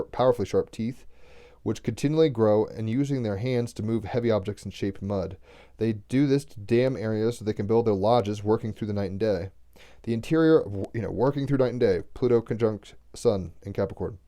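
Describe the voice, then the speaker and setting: A man's voice: on the low side, dark tone. A man giving a casual daily card reading, reading aloud from a text and breaking in with chatty astrology asides. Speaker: oracle card reader.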